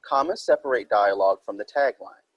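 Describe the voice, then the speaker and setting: Male teacher, husky voice, dry close recording, patient step-by-step explaining. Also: on the low side, animated, fairly quick, dry recording, muffled recording. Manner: explains step by step, reads example sentences aloud. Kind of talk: recorded writing minilesson.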